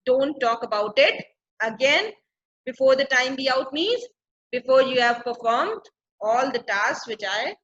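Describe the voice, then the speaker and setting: A woman's voice: a little high, a bit bright, a little hiss or hum. A woman, teaching a play by reading each line and paraphrasing it plainly. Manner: reads the old verse, then paraphrases it in plain words. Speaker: English literature teacher. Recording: dull lo-fi recording.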